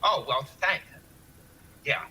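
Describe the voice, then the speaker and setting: A man's voice: unhurried, bright, forceful tone. An actor playing an easygoing young man who jokes and resists being talked into things in a 1970s sitcom. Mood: reluctant. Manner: reluctant, joking. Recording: noisy broadcast recording.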